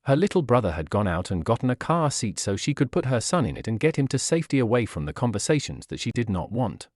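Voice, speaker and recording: A man narrating fan fiction as an audiobook in a steady, even reading. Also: medium pitch, fast, no echo, studio quality.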